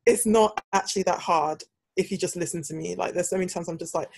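Lively British woman telling a story. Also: lowish voice, brisk, gravelly, dry recording. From United Kingdom. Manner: animated storyteller, acts out quoted voices, laughs often. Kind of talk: casual chat.

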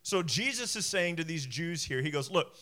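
A pastor with a high, bright voice preaches to his congregation at normal speed, animated and emphatic. He doubles up on words and phrases and slips into small acted voices for the people he quotes.

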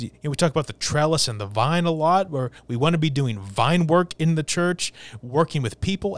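A man's voice: mid-range voice, no echo. A man preaching a sermon as a church pastor, talking emphatically and asking the congregation rhetorical questions.

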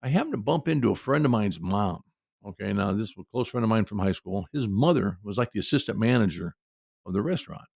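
Middle-aged male storyteller, gravelly and dry-miked, folksy and rambling. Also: fairly low pitch, animated, quick pace, darkish tone, no room sound. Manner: rambling, folksy, lots of asides. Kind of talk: casual personal anecdote.

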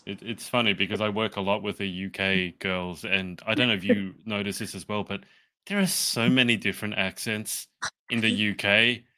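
A man hosting a podcast interview, animated and laughing often as he asks questions. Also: lowish voice, normal speed. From Australia. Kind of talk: casual interview chat.

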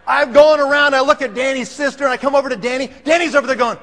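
A man telling a story to an audience, animated and acting out the scene. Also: very high-pitched, fast. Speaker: speaker telling a sales story. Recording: long hall reverb.

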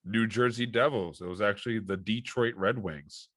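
A man's voice: fairly low pitch, moderate pace, a bit bright, slight background noise. A man hosting a horror movie podcast, talking in an easygoing, rambling way. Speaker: podcast host. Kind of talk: casual chat.

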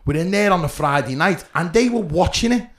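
Lively Scouse man, swooping pitch. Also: brisk. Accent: Liverpool. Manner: animated, laughing anecdotes full of "lad". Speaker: podcast guest. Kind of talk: casual podcast chat.

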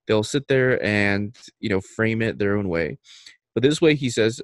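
A man's voice: lowish voice, a little slow, no room sound, clean studio sound. A man co-hosting a podcast in casual chat, explaining things steadily and chuckling easily. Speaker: podcast co-host.

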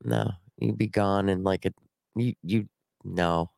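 A man's voice: deep voice, fairly even intonation, slow, creaky, a little mellow, no room sound, studio quality. A man co-hosting a radio show, blunt and sarcastic, dismissive of his partner's jokes. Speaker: radio co-host. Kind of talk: radio banter.

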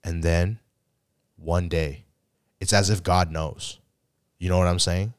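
A man co-hosting a podcast, telling a story in a casual, animated way and acting out the people in it. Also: deep voice, slow, smooth. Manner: animated storyteller, acts out quotes, teasing. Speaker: podcast co-host.

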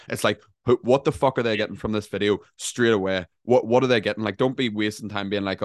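A man's voice: fairly low pitch, fast talker, hardly any pauses, dry recording, studio quality. Blunt, swearing man podcasting. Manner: blunt, swears freely, emphatic. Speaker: podcaster and content creator. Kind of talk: casual podcast chat.

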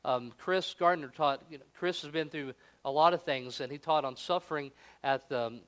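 Male pastor, a touch higher-pitched, earnest sermon delivery with solemn read passages. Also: fairly bright tone. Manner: earnest preaching, with slow solemn readings.

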